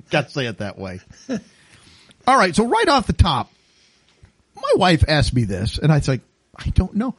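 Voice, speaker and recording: A man's voice: a little high, a little slow, long pauses, breathy edge, no room sound. A man hosting a podcast, telling stories in casual chat and laughing often. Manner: laughs often, animated storytelling. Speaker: podcast host.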